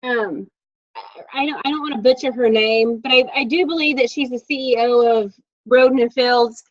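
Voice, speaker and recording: A woman's voice: sits high, moderate pace, dry recording, muffled recording. A woman leading her sales team on a video call, chatty and candid, telling stories as she coaches. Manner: chatty, candid, lively storytelling. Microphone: laptop video call mic.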